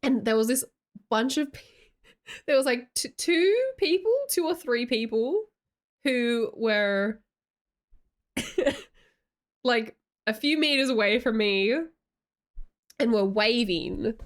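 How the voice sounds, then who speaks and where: A woman's voice: fairly high pitch, takes it slowly, long pauses. A woman chatting casually on a livestream, reading chat aloud and telling stories with lots of giggles.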